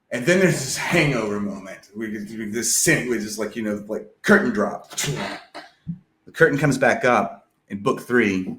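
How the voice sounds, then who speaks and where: A man's voice: on the low side, fairly bright tone. A man talking in a casual podcast chat, rambling with many fillers and restarts, loose and a little profane. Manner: rambling, filler-heavy, lots of "like" and "you know". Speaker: podcast guest discussing an epic poem.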